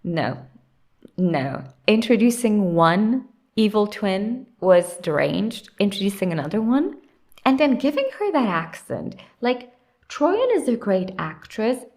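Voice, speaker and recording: A woman's voice: medium pitch, sing-song, slow pace, a little mellow. A young woman giving casual, opinionated commentary as she ranks characters, blunt and sarcastic, talking to herself while she sorts. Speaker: YouTuber ranking TV characters.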